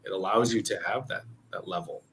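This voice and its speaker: A man's voice: lowish voice, a little fast, fairly bright tone, slight background noise. A man co-hosting a podcast in casual chat, earnest and encouraging, often restarting his phrases. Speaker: podcast co-host.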